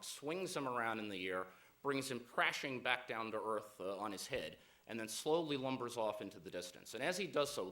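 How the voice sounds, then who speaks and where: A man giving a keynote speech to a conference audience, measured and deliberate, with frequent "uh" fillers. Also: mid-range voice, fairly bright tone. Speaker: keynote speaker.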